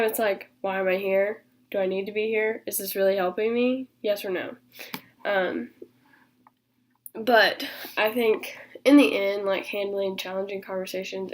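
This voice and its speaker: A young woman at an ordinary middle pitch talks casually and earnestly. She reflects on her work as a training student, speaking in loose, unpolished sentences full of fillers as she thinks things through.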